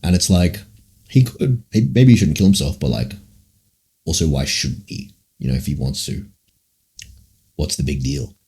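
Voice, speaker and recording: A man's voice: a bass voice, sing-song, normal speed, long pauses, mellow, slightly rough. A man streaming live and answering chat questions in a rambling, musing way, swearing often. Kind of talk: casual livestream Q&A.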